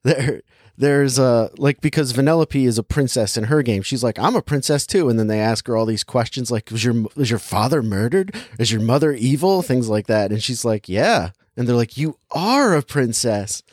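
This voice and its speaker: A man's voice: medium pitch, normal speed, a little mellow, dry recording, studio quality. A young man casually chatting and reviewing a movie, rambling with lots of filler words and laughing easily. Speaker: podcast co-host reviewing a movie. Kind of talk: casual chat.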